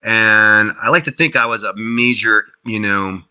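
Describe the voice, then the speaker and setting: A man talks through his story as an interview guest, loose and chatty, leaning on "like" and "you know." His voice is very bright and forward, and he jumps up into a higher pitch whenever he acts out what someone else said. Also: a little slow, smooth, rough recording. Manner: animated storyteller who acts out quotes in a higher voice; heavy use of "like" and "you know". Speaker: interview guest, game developer.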